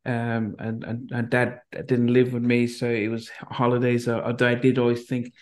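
Reflective middle-aged man with flat delivery. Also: mid-range voice, normal speed. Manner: gentle, reflective, many restarts. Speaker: podcast host. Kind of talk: conversational interview.

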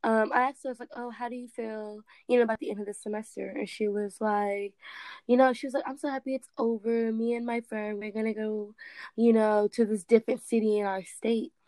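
A woman's voice: fairly high pitch, a little fast, no room sound. Laughing woman with a dry, close sound. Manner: expressive, laughs a lot. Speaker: podcast co-host. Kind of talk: casual chat.

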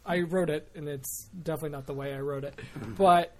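A woman's voice: low voice, steady tone, a crowd in the background. A woman hosting a casual podcast chat about a video game, talkative and self-deprecating. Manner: chatty, self-deprecating, quick asides. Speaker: podcast host.

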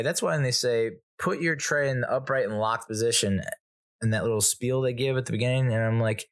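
A middle-aged man hosting a podcast, telling a rambling, self-correcting funny story and chuckling at his own jokes. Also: lowish voice. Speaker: podcast host. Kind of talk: casual storytelling monologue.

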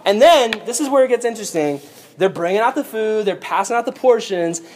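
Brief: young male Bible teacher, high voice, goofy and animated, casual comic lesson. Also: fairly quick, slight background noise. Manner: goofy, joking, animated retelling.

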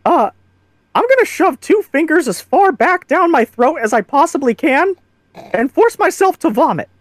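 A woman playing in a tabletop role-playing game, excitable and quick to laugh. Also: high voice, no echo. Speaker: player. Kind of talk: casual tabletop play.

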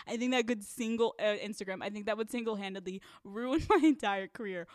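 A woman's voice: medium pitch, fast, hardly any pauses, no echo, clean studio sound. A woman hosting a podcast in casual chat, candid and profane, laughing often. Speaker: podcast host.

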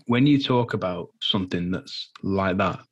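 A man giving a personal interview testimony in a halting, earnest way, full of fillers and restarts, sounding nervous. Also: low voice, husky, muffled recording. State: nervous, anxious while speaking. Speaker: guest.

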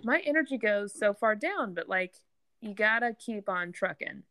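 A woman's voice: mid-range voice, expressive, moderate pace, pushed and bright, dry recording. A woman co-hosting a podcast from her home, chatting enthusiastically and telling a story with plenty of fillers. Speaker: podcast co-host. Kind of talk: casual chat. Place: at home near the kitchen.

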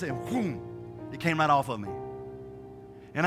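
A man's voice: fairly high pitch, big pitch swings, a little slow, pauses often, over music. A man preaching a sermon and telling a personal testimony, with a rambling, emphatic, colloquial delivery full of restarts and repetitions.

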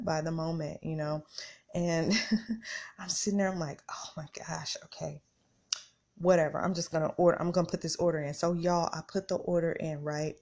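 Speaking directly to her audience, a middle-aged podcast host shares a casual story in a chatty way, performing her own reactions as it unfolds. She has a fairly low-pitched voice with a darkish tone.

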